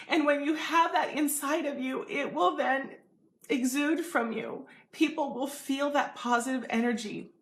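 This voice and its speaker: Earnest woman with a raised voice. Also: high voice. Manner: gentle, emotional, earnest. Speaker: motivational video host. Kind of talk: heartfelt direct-to-camera encouragement.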